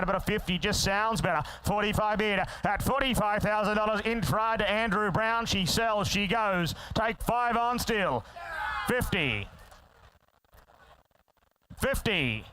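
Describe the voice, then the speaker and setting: A man working as an auctioneer, rattling off bids in a fast chant with quick asides to the bidders in a sale ring. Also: high voice, sharp tone, a little hiss or hum, rough recording.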